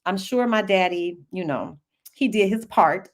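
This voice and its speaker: Animated middle-aged woman chatting live. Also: medium pitch, measured pace. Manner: animated and chatty, laughs often, talks straight to the audience. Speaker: host answering viewer questions. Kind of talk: live-stream Q&A, casual chat.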